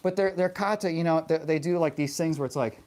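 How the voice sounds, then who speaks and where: A man's voice: on the high side, brisk, slight background noise. Rambling, profane male streamer. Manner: rambling and profane, with frequent fillers; animated and passionate when ranting. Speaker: live streamer. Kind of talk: casual live-stream chat answering viewers.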